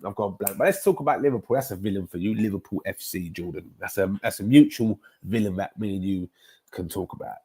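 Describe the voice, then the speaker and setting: A man, chatting casually on a live stream, animated and rambling, often repeating himself. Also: low-pitched, a little fast, slightly rough. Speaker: football streamer chatting with viewers.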